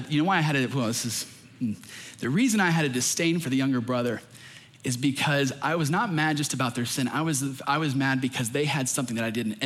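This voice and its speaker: A man's voice: medium pitch, fairly bright tone. A young adult man, a pastor, preaching a sermon in an earnest, emphatic way.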